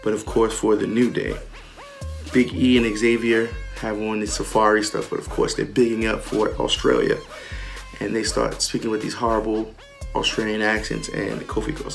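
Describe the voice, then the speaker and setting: A man's voice: on the low side, little pitch movement, normal speed, gravelly, soft background music. A man hosting a podcast, casually recapping a wrestling show, full of ums and retold quotes. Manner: chatty, many ums, retells lines in quoted voices. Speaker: podcast host.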